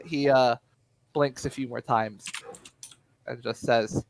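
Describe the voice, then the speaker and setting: A man narrating a tabletop game as game master, relaxed and full of fillers. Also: mid-range voice, slow, gravelly, pauses often, slight background noise, poor audio.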